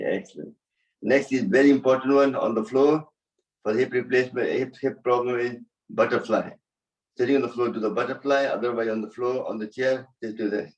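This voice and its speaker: A man's voice: medium pitch, recorded from a distance, lo-fi sound. Man guiding a yoga class. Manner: gives short spoken cues, non-native English phrasing. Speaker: yoga instructor.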